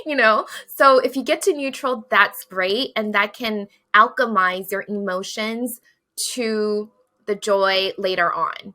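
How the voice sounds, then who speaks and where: Bright woman guest on a podcast, animated, acts out her own quotes, laughs a lot. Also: mid-range voice, a little slow. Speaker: podcast guest, tarot deck author. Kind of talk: casual spiritual conversation.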